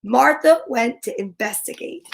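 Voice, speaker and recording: A woman's voice: on the high side, lively intonation, measured pace, gravelly. A woman hosting a storytime, reading a picture book aloud in a playful way with comic asides. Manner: playful, chuckling at her own reading. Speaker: storytime host.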